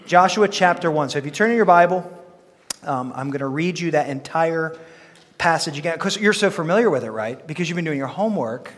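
A man's voice: on the high side, fairly bright tone. A man preaching a sermon as pastor, talking to his congregation in a playful, conversational way. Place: church sanctuary. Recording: long reverb of a church hall.

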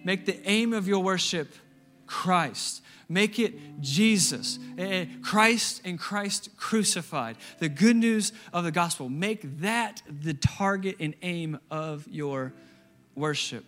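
A man's voice: high-pitched, slow, fairly bright tone, soft background music. A man pastor preaching a sermon, emphatic and repeating key phrases for stress.

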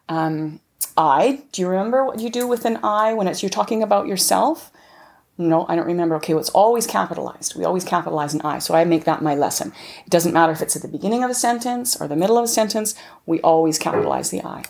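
A middle-aged woman hosting a homeschooling workshop, teaching with lively sing-song rises as she acts out lessons with a child. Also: mid-range voice, husky.

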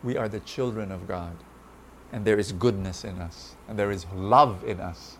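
A man's voice: lowish voice, normal speed, a little hiss or hum. A man preaching a sermon, telling a parable and then praying, earnest and repeating key phrases for emphasis.

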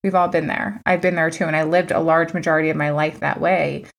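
A woman's voice: low voice, fairly even intonation, a little fast, vocal fry. A woman hosting her own podcast as a coach, talking casually and candidly, with lots of "like" fillers and some swearing. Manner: candid, chatty, swears freely, many "like" fillers. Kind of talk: casual solo podcast talk.

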